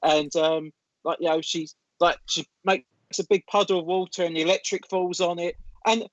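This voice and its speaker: A man's voice: high voice, steady tone, normal speed, no echo. A man on a podcast, telling a story dramatically with lots of fillers. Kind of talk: casual chat. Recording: dull lo-fi sound.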